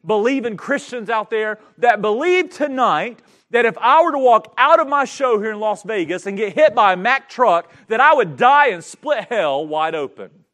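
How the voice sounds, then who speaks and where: A male preacher voicing an angry, indignant male entertainer who shouts his complaint. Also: high-pitched, expressive, moderate pace, few pauses, pitched above the performer's own voice. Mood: angry, shouting.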